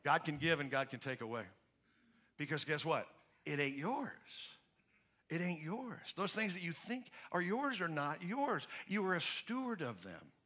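A man's voice: a little high, very animated, moderate pace, sharp tone. A man pastor preaching a sermon in an emphatic, conversational way, asking the congregation to finish his questions. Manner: emphatic and conversational, with frequent restarts.

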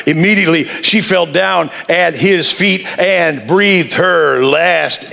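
A preacher in full sermon mode, animated and playful, dropping into acted voices for the figures he quotes. His voice sits high for a man and carries a gravelly edge. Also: measured pace, few pauses. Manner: animated, jokey, acts out quotes. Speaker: pastor.

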